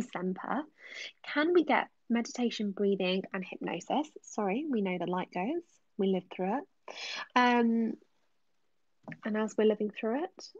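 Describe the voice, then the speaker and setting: A young woman hosting a relaxed livestream, answering chat questions in a chatty voice that slips into soft whispers. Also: on the high side, dry recording, dull audio. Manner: chatty, drifting between normal voice and soft whispers. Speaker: ASMR livestream host.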